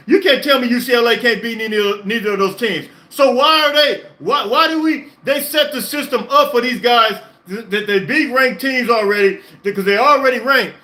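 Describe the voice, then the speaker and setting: An excited man hosting a sports reaction stream, talking emphatically, repeating himself and laughing often. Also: very high voice. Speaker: podcast host. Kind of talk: live-stream sports reaction, reading chat.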